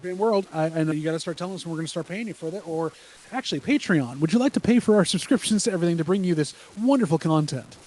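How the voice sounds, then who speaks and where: Male podcast co-host, quick eager chatter, slightly high voice, casual banter. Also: lively intonation, a little mellow. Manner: fast, enthusiastic, rambling. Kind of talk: casual chat reacting to wrestling.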